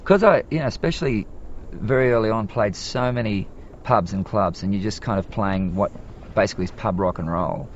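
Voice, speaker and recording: A man's voice: fairly low pitch, a little fast, slight background noise. A man with an Australian accent, a musician guest chatting casually in a radio interview, often restarting his sentences. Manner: hesitant, restarting, chatty storytelling. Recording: slightly muffled radio recording.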